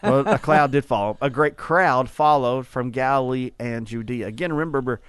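A man's voice: mid-range voice, moderate pace, a bit bright, smooth, no echo. Chatty pastor man reading scripture. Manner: chatty, laughs often, restarts sentences. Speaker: pastor and co-host. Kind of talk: casual chat and Bible reading.

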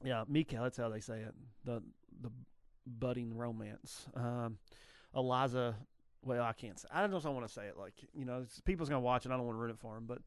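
A man's voice: medium pitch, a little fast, clean tone, dry recording. Chatty male radio host, dry sound. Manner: rambling, self-correcting, laughs often. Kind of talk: casual radio trivia chat.

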